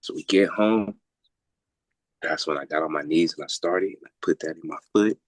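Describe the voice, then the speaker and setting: As a podcast guest, a man tells a personal story in casual, blunt, profane street slang, his voice rumbling low at a moderate pace. He keeps checking in with "right?", and the recording is dry.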